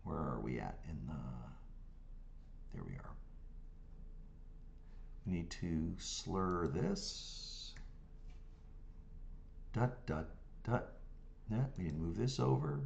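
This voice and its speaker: Man guiding a software tutorial. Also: low voice, sing-song, slow pace, vocal fry, pauses often, slight background noise. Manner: talks through clicks step by step, hums rhythms as syllables; checks in with the viewer often. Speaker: music notation software teacher. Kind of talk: screen-recorded software tutorial.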